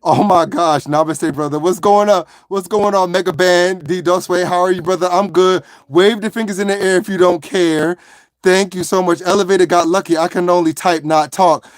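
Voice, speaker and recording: A playful, animated man chatting casually with viewers on a live stream and greeting people in the chat. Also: high voice, moderate pace, dry recording, clean studio sound.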